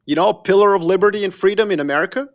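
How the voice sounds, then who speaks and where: Speaking very fast in a high voice, this Yugoslavian podcast guest tells his stories with lively emphasis. It's casual conversation, and now and then he turns to speak right to the listener.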